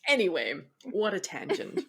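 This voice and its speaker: A woman's voice: mid-range voice, huge pitch swings, normal speed, creaky, a bit bright, husky. A woman co-hosting a podcast in casual chat, chatty, laughing often and drifting into explanations. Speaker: podcast co-host.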